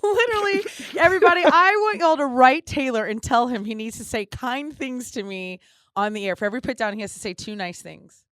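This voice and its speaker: A woman's voice: fairly high pitch, animated, fairly quick, fairly bright tone, dry recording. A woman from Louisiana co-hosting a podcast, playfully exasperated and laughing. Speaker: podcast co-host. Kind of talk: casual podcast banter.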